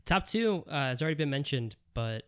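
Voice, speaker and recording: A man in a casual chat, talking in a measured, thoughtful way. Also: mid-range voice, very animated, a bit bright, clear, resonant tone.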